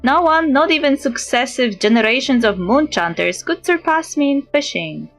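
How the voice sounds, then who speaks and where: A woman's voice: high-pitched, lively intonation, normal speed, soft background music. Boastful fisherman, read by a woman.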